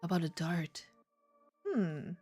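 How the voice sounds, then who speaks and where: A woman's voice: fairly low pitch, big pitch swings, takes it slowly, mellow, faint music behind. A woman streaming casually while she draws, playful and rambling, with theatrical outbursts. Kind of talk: casual live-stream chat while drawing.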